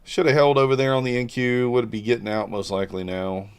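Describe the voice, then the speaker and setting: A man casually talking through his own trades on a live stream, low-key and muttering his thoughts aloud. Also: little pitch movement, a little fast, clean tone. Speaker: livestream futures trader.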